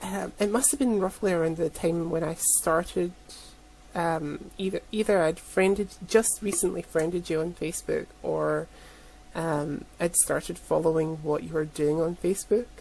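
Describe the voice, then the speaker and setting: A woman guest in a casual chat, talking thoughtfully and hesitantly with many pauses. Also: lowish voice, steady tone, creaky, a little mellow, slight background noise, rough recording.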